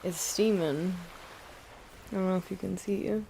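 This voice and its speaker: A soft-spoken woman streamer chatting casually while eating and gaming, murmuring between bites. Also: mid-range voice, measured pace, gravelly, faint music behind.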